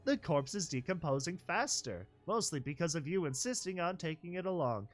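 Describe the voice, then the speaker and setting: A man's voice: fairly high pitch, normal speed, faint music behind, pitched above the performer's own voice, close to an everyday voice. A man doing a clipped, literal machine voice. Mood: mechanical. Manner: flat, clipped, mechanical. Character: automated machine voice, literal, blunt.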